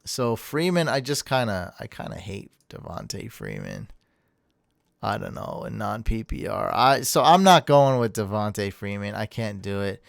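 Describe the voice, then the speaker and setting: A man's voice: fairly low pitch, very animated, a little slow, creaky, no room sound, clean studio sound. A man hosting a sports podcast, chatting casually and energetically, rambling and laughing at himself. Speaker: podcast host. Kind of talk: casual chat.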